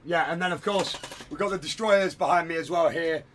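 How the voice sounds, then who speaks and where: A man's voice: fairly high pitch, a little fast, a bit bright, a little hiss or hum. A man chatting casually on a hobby livestream from a room at home, rambling and self-deprecating while he works at his desk. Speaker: streamer.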